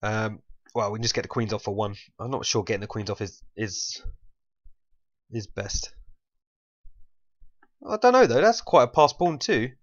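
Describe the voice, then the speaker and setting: A man's voice: lowish voice, normal speed, dull audio. A man from England talking casually through a chess game he played, rambling, correcting himself and laughing at his own mistakes.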